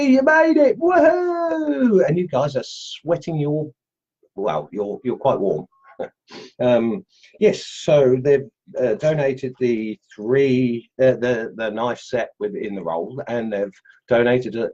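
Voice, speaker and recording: Male host, rambling and joking, husky voice, slightly muffled lo-fi sound. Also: lowish voice, a little mellow. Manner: chatty, jokey, rambling with many fillers. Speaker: host of a carving group livestream. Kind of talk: casual livestream chat.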